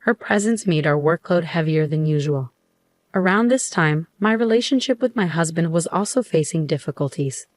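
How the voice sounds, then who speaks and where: A middle-aged woman telling a first-person story in a steady, measured way. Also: deep voice, no room sound. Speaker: narrator.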